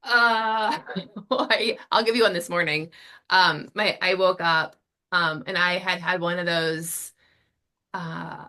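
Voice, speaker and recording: Woman in her 30s, podcast co-host, lower pitch, bright storytelling tone. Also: fairly even intonation, slow pace. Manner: storytelling, laughs easily. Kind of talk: casual chat.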